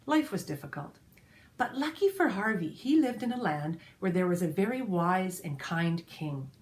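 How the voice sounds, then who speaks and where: Expressive woman telling a children's tale. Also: lowish voice, normal speed. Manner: expressive, addresses listeners directly. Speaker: storyteller. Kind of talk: storytelling for children.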